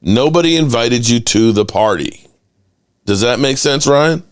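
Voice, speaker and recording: Animated man hosting a fan stream. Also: mid-range voice, measured pace. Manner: animated, ranting, reads chat aloud. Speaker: host of a sports fan channel. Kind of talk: casual livestream chat.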